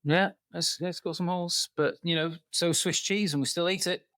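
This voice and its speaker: Lively podcast panelist, mid voice, dry close sound. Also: medium pitch, normal speed, no room sound. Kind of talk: casual comic chat.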